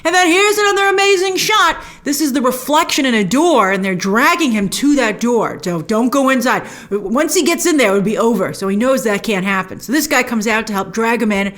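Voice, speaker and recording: Animated woman host with a lively pitch. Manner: animated, acts out scene lines in quick put-on voices. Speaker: host reviewing a TV episode. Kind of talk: casual chat.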